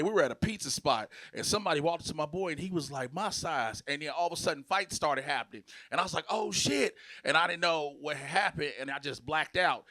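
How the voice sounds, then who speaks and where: A middle-aged man performing stand-up on a comedy club stage, his voice bright and forceful and sitting a little high for a man. He tells profane stories in a brash, loose way and shouts his punchlines. The sound is dry and close. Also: no echo.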